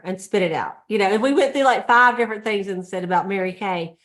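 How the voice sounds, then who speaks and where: A woman's voice: medium pitch, fairly quick, hardly any pauses. A middle-aged or older woman, leading a sales meeting in a casual, chatty way and acting out little scenes. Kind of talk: casual motivational talk.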